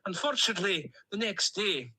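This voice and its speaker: A man's voice: high-pitched, lively intonation, a little fast, pushed and bright, breathy edge, exaggerated voice, rough recording. A man voicing a chatty male plastic toy duck with a Stornoway Scottish accent, telling his misadventures in a rambling, cheerfully self-pitying way. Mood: cheery, rambling. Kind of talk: comic character monologue.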